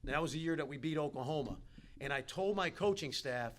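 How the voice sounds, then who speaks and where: A man's voice: on the high side, fairly quick, slight background noise. A man giving a motivational keynote at a team dinner, telling stories and talking straight to the players. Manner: animated storyteller, talks straight to the players. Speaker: keynote speaker. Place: banquet hall.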